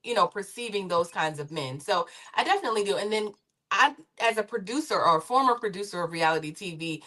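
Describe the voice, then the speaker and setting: A woman's voice: medium pitch, expressive, fast, pushed and bright. A woman on a discussion panel, a former reality TV producer, talking in a rambling, conversational way. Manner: rambling and conversational, with many fillers and restarts.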